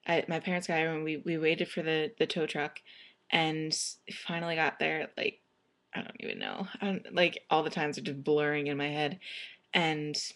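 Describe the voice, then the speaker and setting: A woman's voice: low voice, fairly bright tone. A young woman telling a personal story casually, rambling with many fillers and restarts.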